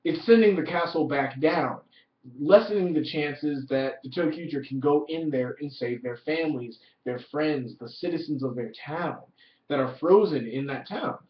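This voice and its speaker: Excitable cursing man, distant and roomy. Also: fairly high pitch, normal speed. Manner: excited, profane, heavy use of "like". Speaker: TV episode reviewer. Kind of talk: casual spoken review. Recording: roomy, distant, dull lo-fi audio.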